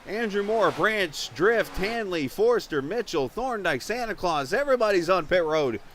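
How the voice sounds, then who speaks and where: A man with a fairly high voice calls a sim race live, talking casually and reading chat between the action. He livens up sharply whenever a car spins or misses its stall. Faint noise runs under his voice. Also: normal speed. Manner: chatty, reads viewer chat, gets excited at incidents. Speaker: race commentator. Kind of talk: live esports race commentary.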